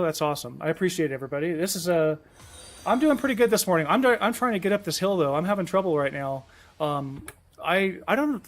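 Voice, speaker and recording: A man streaming a truck game, chatting casually and rambling, often chiding himself as he plays. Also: fairly high pitch. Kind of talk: casual live-stream commentary.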